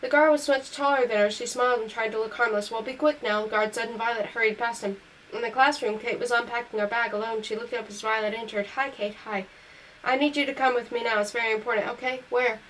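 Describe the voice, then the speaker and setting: Female amateur audiobook reader, fairly high pitch, self-corrects. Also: steady tone, fast, a bit bright, slight background noise, low-quality recording. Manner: reads on through slips and self-corrections. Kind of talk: amateur novel reading.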